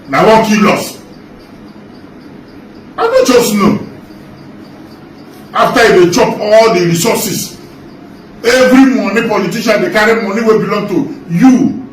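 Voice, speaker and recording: Man, Nigerian Pidgin accent, fiery and repetitive, roomy echo, faint background noise. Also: high voice. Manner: impassioned, repetitive, denouncing. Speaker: protester. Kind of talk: street protest rant. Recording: echoey, from far off, faint noise.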